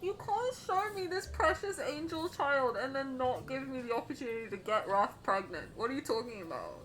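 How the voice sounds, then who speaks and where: A young woman streaming a game reaction, reading the story aloud and gushing excitedly, swearing freely. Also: high voice, moderate pace, slight background noise.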